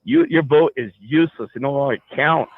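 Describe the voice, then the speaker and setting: A man's voice: on the high side, brisk, creaky, no room sound. A man calling into a talk show, telling a long personal story in a rambling way, full of restarts and fillers. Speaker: caller. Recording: tinny phone line.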